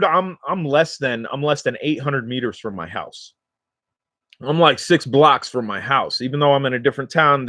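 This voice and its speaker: A man at a middle pitch tells a loose, rambling story in street slang, addressing his viewers directly. The sound is dry and close, with no room echo. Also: a bit bright. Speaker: cannabis vlogger. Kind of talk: casual storytelling to camera.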